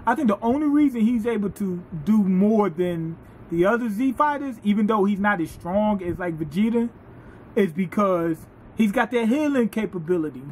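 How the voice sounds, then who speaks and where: Male reviewer, high voice, animated and foul-mouthed casual recap. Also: slight background noise. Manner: animated, profane, laughing storyteller. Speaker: anime reviewer.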